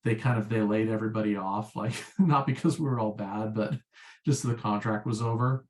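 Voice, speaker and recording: Man, lowish voice, casual rambling interview talk, lots of fillers. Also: fairly even intonation, a little fast, darkish tone. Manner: rambling, filler-heavy storytelling. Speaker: guest, former pharma sales rep.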